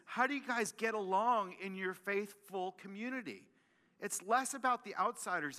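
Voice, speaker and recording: A male pastor preaching a sermon, animated and emphatic, often repeating and restarting his phrases. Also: sits high, long reverb tail.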